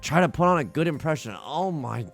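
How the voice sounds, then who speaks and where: A man's voice: on the high side, expressive, brisk, gravelly, faint music behind. A young man hosting a let's play, chatting casually and mock-outraged at his luck in a self-deprecating way. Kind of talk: casual gameplay commentary.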